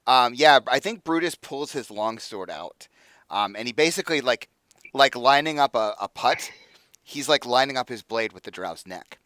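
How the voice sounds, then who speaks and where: Guy dm-ing a tabletop game, smooth clear voice, lots of ums and likes, dry close mic. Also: medium pitch, expressive, moderate pace, sharp tone, no room sound. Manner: loose, filler-heavy narration with many ums and likes. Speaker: dungeon master.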